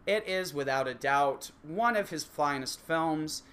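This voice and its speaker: A man rants in a crude comic monologue, cursing freely and dripping with sarcasm. His bright tone carries a lively, swinging pitch. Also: unhurried, smooth. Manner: crude, sarcastic, swears constantly. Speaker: comedic ranter. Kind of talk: profane comedic monologue.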